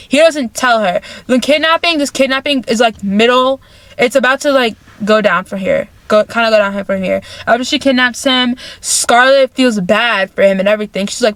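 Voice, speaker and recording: Woman vlogger recapping a film, kinda high voice, rambly and repetitive, dry sound. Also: normal speed, a bit bright, dry recording. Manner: chatty, repeats phrases, many "like" fillers. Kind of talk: casual movie recap.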